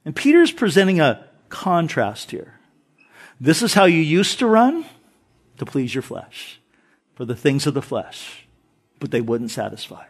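A man's voice: a little high, a little slow, long pauses. A middle-aged male pastor preaching a sermon, mixing scripture readings with humorous stories. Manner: animated storytelling with jokes and scripture reading.

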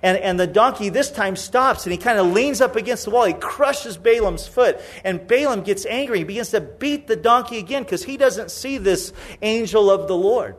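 A man's voice: high-pitched, lively intonation, normal speed, few pauses. A middle-aged man preaching a sermon, telling the story with humor and acting out the voices. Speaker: pastor.

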